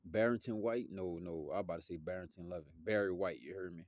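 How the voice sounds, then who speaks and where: A young man speaks, his voice low and deep. He rambles in loose, slangy street talk that keeps drifting off topic, recorded close and dry with no room sound. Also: fast, a little mellow, no room sound. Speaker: musician vlogger. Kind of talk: casual rambling monologue.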